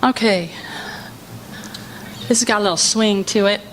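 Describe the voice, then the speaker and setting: A woman's voice: mid-range voice, a little slow, slight background noise. A woman leading the congregation in song, coaxing them to join in with an encouraging manner. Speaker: music leader. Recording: loud guitar music behind. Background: guitar music.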